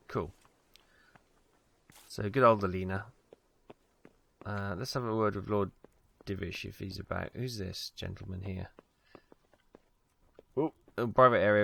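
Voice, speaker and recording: A man's voice: fairly low pitch, normal speed, vocal fry, long pauses, pushed and bright, dry recording. A British man from Wales giving casual, rambling commentary on a game he plays, full of ums and asides, on a close mic at home. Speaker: let's play host.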